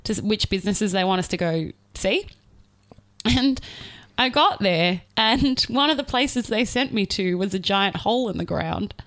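A woman's voice: medium pitch, normal speed. A young woman co-hosting a comedy podcast, telling stories in casual chat and laughing often. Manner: laughs often, animated storytelling. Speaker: podcast co-host.

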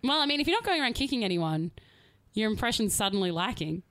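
A woman co-hosting a casual podcast chat. She teases her co-host and laughs a lot, and her pitch jumps up and down a great deal. The sound is close and dry. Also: very animated, a bit bright, dry recording. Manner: teasing, quick to laugh.

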